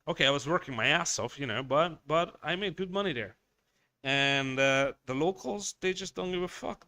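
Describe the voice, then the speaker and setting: His fairly high voice is sharp, clear and resonant, carrying a Hungarian accent; he's from Hungary. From a workshop he hosts a craft shop livestream, chatting bluntly in casual rants full of swearing and rambling restarts.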